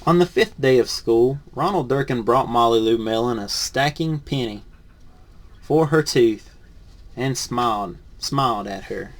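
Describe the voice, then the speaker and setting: A man, a teacher in training, reads a picture book aloud with lively rises on the punchlines, then reviews it softly and hesitantly. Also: mid-range voice, measured pace, a little hiss or hum. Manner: lively storybook reading, rising on punchlines, then soft and hesitant when reviewing.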